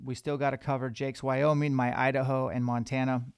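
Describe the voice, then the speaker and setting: Podcast host guy telling a hunt story, clear smooth voice, dry close mic. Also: medium pitch, a little fast, no room sound. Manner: animated storyteller. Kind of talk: casual hunting story.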